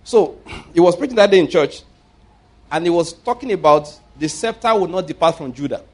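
A middle-aged Nigerian man preaching a sermon, telling stories and swinging between loud emphasis and quiet asides. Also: fairly high pitch, lively intonation, normal speed.

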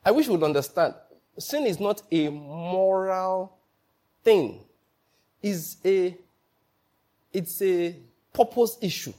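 Pastor preaching with animated quotes. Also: male voice, high voice, slow pace, long pauses. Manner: animated, acts out quotes, laughs between points. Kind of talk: sermon.

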